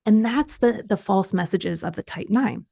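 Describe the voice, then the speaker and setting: A middle-aged woman guest on a podcast recounts a personal story. Her voice is gravelly, with a lot of vocal fry, and she brings each quoted voice to life with animation. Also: medium pitch, normal speed, warm tone. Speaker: guest coach.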